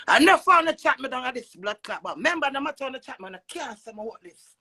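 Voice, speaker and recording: A Jamaican woman ranting with loud, brash cursing, swinging between shouting and low mutters. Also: animated, fast, husky, rough recording. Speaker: social media personality. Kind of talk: cursing rant.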